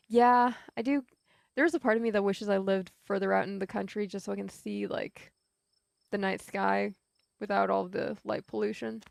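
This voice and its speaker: A woman's voice: mid-range voice, steady tone, normal speed, gravelly, dry recording, faint music behind. A woman hosting a let's play, reading the story aloud and adding playful, casual asides. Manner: playful, swearing, laughing asides.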